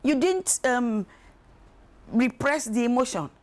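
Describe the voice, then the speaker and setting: Animated woman, high voice. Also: takes it slowly. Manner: animated, emphatic, acts out quoted voices. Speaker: guest expert on emotional wellbeing. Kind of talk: studio talk show discussion.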